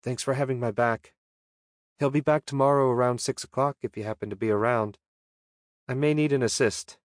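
A man voicing a calm, kind young woman in an audiobook, speaking gently. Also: mid-range voice, fairly quick, dry recording, studio quality, natural voice. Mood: gentle.

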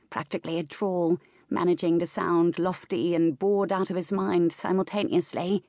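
A woman reading a historical romance audiobook in a measured, expressive way. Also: on the low side, no room sound, studio quality. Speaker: audiobook narrator. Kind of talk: scripted narration.

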